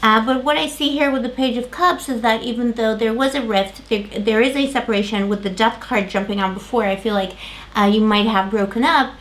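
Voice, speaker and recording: A woman's voice: fairly high pitch, steady tone, fairly quick, fairly bright tone. A woman giving a tarot reading to camera, rambling with many fillers and restarts while losing her voice. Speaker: tarot reader.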